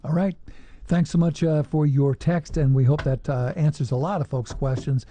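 A man's voice: on the high side, fairly even intonation, dark tone, no room sound. A man hosting a call-in radio show, reading listener emails and wrapping up the hour with station notes. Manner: friendly, reads emails, brisk wrap-ups. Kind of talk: radio host chat.

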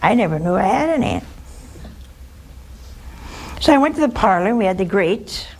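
Older nun telling stories plainly. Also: female voice, mid-range voice, very animated, moderate pace. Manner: plain-spoken, storytelling, addresses listeners directly. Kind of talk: spiritual talk with personal stories.

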